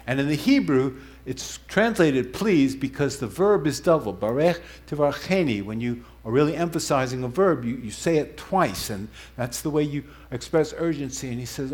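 A man preaching a conversational sermon, animated and digressive, often correcting himself mid-sentence. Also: medium pitch, moderate pace, hardly any pauses.

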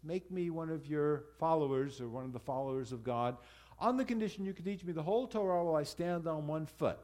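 A congregation leader with a slightly higher-pitched, somewhat mellow voice gives a sermon in an easygoing, conversational style. He pauses, restarts phrases, and addresses the people before him directly.

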